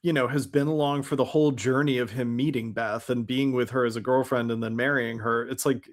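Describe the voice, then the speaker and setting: A man's voice: mid-range voice, fairly even intonation, brisk. A man co-hosting a podcast in casual chat, making critical points with stammered restarts. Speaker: podcast co-host.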